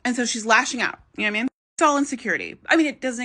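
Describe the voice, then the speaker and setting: A quick-talking woman recaps a TV episode in a casual, chatty way, her voice bright and pitched a little high. She leans on emphatic phrasing and throws in sassy asides as she goes. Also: lively intonation.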